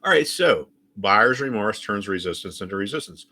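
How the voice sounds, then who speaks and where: A man's voice: lowish voice, expressive, normal speed, pushed and bright. A man teaching a chart lesson on a screen share, speaking emphatically and repeating his key points. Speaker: trading educator.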